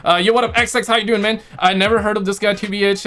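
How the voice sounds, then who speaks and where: Man, high voice, bright tone, excitable streamer, loose reaction chat, greets chat, light music behind. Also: racing.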